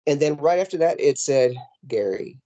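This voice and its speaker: A man telling a ghost story from his home over a video call, rambling and animated with lots of fillers and restarts. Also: on the high side, normal speed, dry recording, dull audio. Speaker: paranormal investigator guest. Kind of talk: casual storytelling in an interview. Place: home in the mountains.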